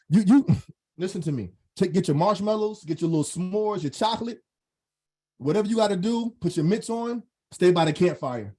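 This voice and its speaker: A man giving an emphatic, high-energy motivational talk as a guest speaker on an online group call, repeating phrases for emphasis. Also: warm tone, husky. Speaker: guest speaker and content mentor. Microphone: online call microphone.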